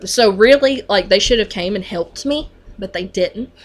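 A woman's voice: medium pitch, normal speed. A woman who works on a mental health unit tells a story in casual conversation, chatty and full of fillers.

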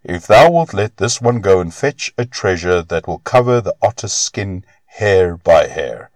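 A man voicing a grave, measured elder male god who speaks in solemn, archaic words, in a storybook reading. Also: low-pitched, lively intonation, no echo.

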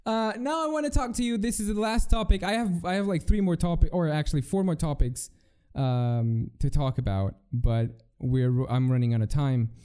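A man's voice: on the high side, mellow, clear, resonant tone. Profane young man ranting on a podcast. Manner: profane, rambling, many restarts. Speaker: podcast host. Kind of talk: casual solo podcast rant.

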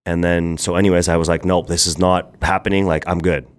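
Super deep voiced guy on a podcast, rambling through his story, says like a lot. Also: flat delivery, fairly quick, clear, resonant tone. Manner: rambling, many "like" fillers. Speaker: podcast guest. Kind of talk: candid storytelling.

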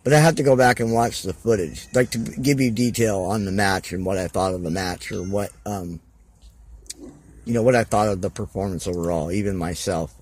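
Husky guy rambling thru a podcast chat, restarts a lot. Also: on the low side, a little fast, a little mellow. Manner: rambling, full of fillers and restarts. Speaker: guest, professional wrestler. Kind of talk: casual podcast interview.

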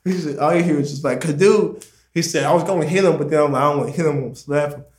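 A young man with a slightly high voice tells a story in casual chat. He rambles through it, profane and full of slang and fillers. He gets loud and laughs at the funny parts. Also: racing.

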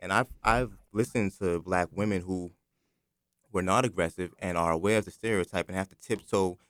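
Very deep-voiced man explaining calmly. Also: no room sound, clean studio sound. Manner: measured, explanatory, frequent "you know". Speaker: discussion participant. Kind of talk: thoughtful podcast discussion.

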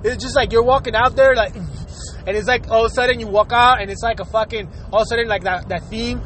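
A man's voice: extremely high pitch, quick pace, fairly bright tone, a little hiss or hum. A man hosting his own podcast, ranting casually with lots of swearing, fillers and frequent laughter. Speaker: podcast host. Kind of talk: casual profane rant.

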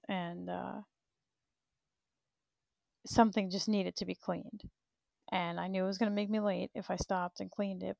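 A woman's voice: mid-range voice, creaky, no room sound. A woman in her thirties hosting a livestream in blunt, profane, rambling chat, laughing often. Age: 30s. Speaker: livestream host.

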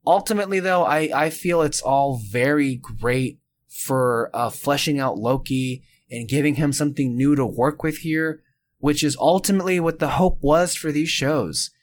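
A man co-hosting a podcast, chatting casually and ranting with animated annoyance. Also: on the high side, moderate pace. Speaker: podcast co-host.

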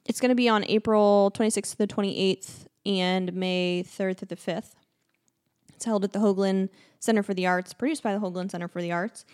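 A woman's voice: medium pitch, steady tone, moderate pace, a little mellow, clear, resonant tone. Chatty woman from Central Illinois. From Central Illinois, USA. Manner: chatty, with frequent fillers. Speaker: podcast co-host. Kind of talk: casual chat.

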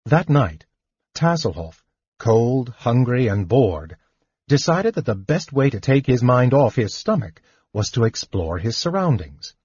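A man reading an audiobook in steady scripted narration, on a muffled lo-fi recording. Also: medium pitch, measured pace, husky, dry recording.

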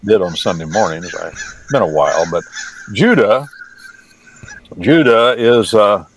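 A man's voice: lowish voice, animated, unhurried, a little hiss or hum, poor audio. A man who translates the Bible, talking casually on the radio and teaching with folksy, wry asides.

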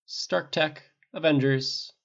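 A man voicing a sardonic adult male genius inventor with a quick, blunt, wry way of talking, on a dull lo-fi recording. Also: on the high side, steady tone, vocal fry, fairly bright tone, pitched above the performer's own voice, heavily acted. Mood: curt.

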